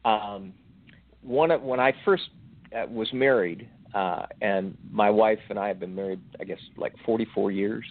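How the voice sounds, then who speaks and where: A man in his sixties, a guest on a faith podcast, telling a personal story in a slow, reflective, halting way. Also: on the low side. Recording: tinny phone-like audio.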